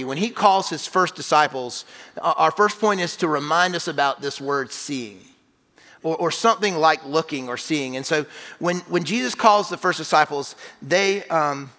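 A pastor delivers a sermon in a church sanctuary, his voice bright, forceful, and fairly high for a man. He speaks conversationally and emphatically, often starting phrases over, and a long reverb rings around his words.

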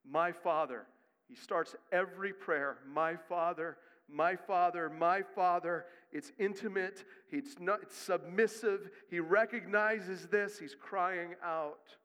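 A man preaching a sermon in a church sanctuary, his voice a touch high. He shifts between fast, hushed asides and loud, climbing emphasis. A long reverb from the hall trails after each phrase. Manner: swings from quiet, quick asides to loud, rising emphasis. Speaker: pastor.

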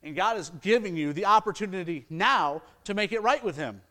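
A man's voice: sits high, animated, fairly quick, sharp tone. A middle-aged man preaching an earnest sermon, reading scripture aloud and building to emphatic points. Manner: earnest preaching with rising emphasis and mocking quoted excuses. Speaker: pastor.

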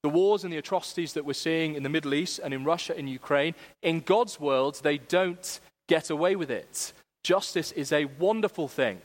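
A young man preaching a sermon, earnest and animated, moving from self-mocking humor to hushed, serious appeals. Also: on the high side. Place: church. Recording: long church reverb.

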